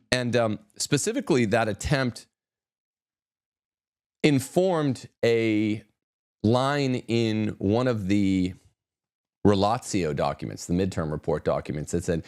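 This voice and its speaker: A man's voice: lowish voice, darkish tone, no room sound, clean studio sound. A man hosting an opinionated news commentary show, reading headlines and adding sarcastic, mocking asides. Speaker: host.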